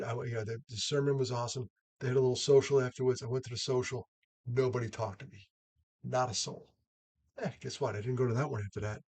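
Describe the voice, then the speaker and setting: A man's voice: mid-range voice, darkish tone, breathy edge. A man, a mental health advocate, talking casually and earnestly to camera, rambling with frequent laughs.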